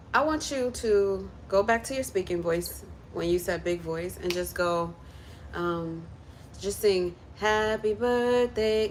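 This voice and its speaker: A woman chatting casually on a livestream from her kitchen while cooking, coaching viewers step by step through a quick singing lesson in an encouraging way. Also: on the low side, a little hiss or hum. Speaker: content creator and vocal coach.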